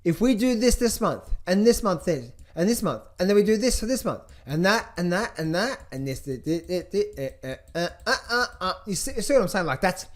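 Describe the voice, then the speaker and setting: A middle-aged man coaching on trading, talking over charts in an energetic, playful way, chanting phrases in a sing-song repetition. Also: high voice, a little fast, hardly any pauses. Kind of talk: casual market commentary over charts.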